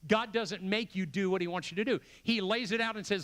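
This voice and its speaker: An older man preaches to his church in a fairly high-pitched voice. He pushes hard on repeated phrases and lets his excitement build. It sounds like a pastor calling his people to a mission. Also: fairly quick, hardly any pauses. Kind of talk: sermon. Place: church sanctuary.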